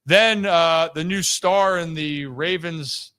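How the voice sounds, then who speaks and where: A man hosting a live sports talk show, talking in an energetic, animated way and teasing his co-host. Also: fairly high pitch, slow pace, smooth.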